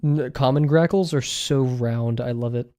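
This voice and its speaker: Streaming while he draws, a young man with a mellow, mid-range voice chats casually at a measured pace. He rambles in an amused way and often corrects himself.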